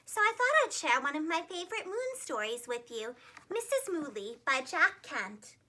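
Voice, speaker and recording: Storyteller for kids: young female teacher, very bright high voice, lively ups and downs. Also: moderate pace. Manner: warm, expressive read-aloud delivery. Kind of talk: children's storybook read-aloud.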